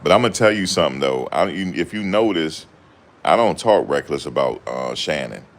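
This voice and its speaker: Young guy talking to camera, real deep voice, slangy laid-back banter. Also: lively intonation, normal speed. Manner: loose slangy banter, laughing. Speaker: vlogger. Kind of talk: casual chat to camera.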